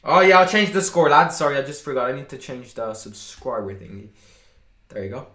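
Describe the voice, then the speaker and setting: A man hosting a live football watchalong stream, reacting excitedly to the match and chatting with his viewers. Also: mid-range voice, brisk, roomy sound. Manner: excitable, shouts and boasts at goals, chatty with viewers.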